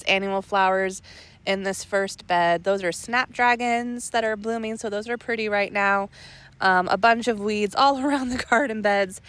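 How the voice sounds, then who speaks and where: This woman's voice is medium in pitch, clear and resonant, with no room sound. A heavily pregnant garden vlogger in her thirties, she gives a casual garden update outdoors from a lounge chair in her backyard, slightly breathless, relaxed and chatty, laughing lightly.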